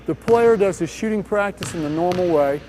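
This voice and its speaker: A man with a notably high speaking voice narrates an instructional training video. His delivery is scripted and measured, walking through each point step by step. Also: mellow, slight background noise.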